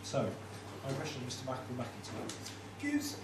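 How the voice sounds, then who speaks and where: Young man, stand-up compere, deadpan, halting fillers, roomy echo, noisy background. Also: medium pitch, recorded from a distance. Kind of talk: stand-up comedy. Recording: echoey bar heard from afar, noisy.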